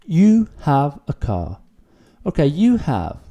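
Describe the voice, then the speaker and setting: A man's voice: a little high, huge pitch swings, slow, mellow, dull audio. A man teaching an online beginner language lesson, explaining patiently and repeating words for practice. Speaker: Italian teacher.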